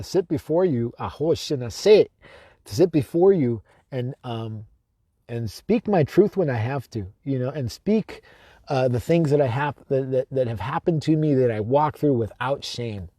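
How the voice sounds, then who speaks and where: Speaking into a camera he films himself, a man who heals with shamanic drums gives a tearful, heartfelt spiritual livestream, moving slowly, repeating himself and chanting invocations. The mid-range, dark-toned voice comes through dry and clean, like a studio.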